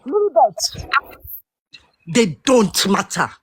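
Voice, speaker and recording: A woman speaking with impassioned emphasis in a heated live audio chat, at times raising her voice to a shout. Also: on the high side, huge pitch swings, slow pace, slightly rough. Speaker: participant in a live audio discussion.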